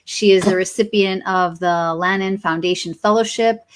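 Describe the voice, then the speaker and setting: A woman's voice: medium pitch, steady tone, normal speed. A woman hosting an online poetry event, gushing and emotional, talking with many fillers over a video call. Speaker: event host. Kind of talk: casual hosting.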